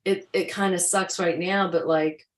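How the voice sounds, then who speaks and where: A woman's voice: lowish voice, fairly even intonation, unhurried. A woman on a video call chatting casually about spiritual growth in a reflective, meandering way, acting out her own inner thoughts. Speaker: co-host. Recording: echoey room, distant mic.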